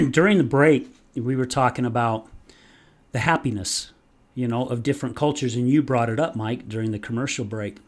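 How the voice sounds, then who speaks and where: A man's voice: medium pitch, normal speed. A man hosting a podcast, telling a story in a casual, emphatic way and swearing casually now and then. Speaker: podcast host.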